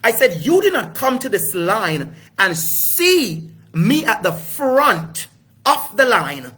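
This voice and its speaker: Talking slowly in a high, sing-song voice with a sharp tone and some breathiness, a middle-aged man lectures to camera in a fervent, preachy style. He swears freely and repeats lines to drive points home, hosting his own video series as an educator.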